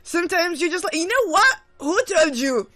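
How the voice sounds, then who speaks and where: A woman co-hosting a radio show in casual chat, playful and quick to laugh, with bursts of mock indignation. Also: extremely high pitch, animated, bright, forceful tone. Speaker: radio co-host.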